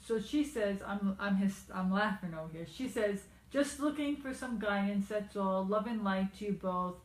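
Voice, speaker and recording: Giggly co-host reading comments, echoey room. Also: female voice, mid-range voice, moderate pace. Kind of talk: casual live stream chat.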